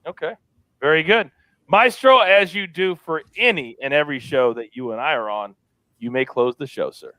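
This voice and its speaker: A man hosting a sports betting show, loud and energetic as he wraps up and plugs the show. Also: a little high, moderate pace, no echo. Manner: loud and energetic, plugging and wrapping up. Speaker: host.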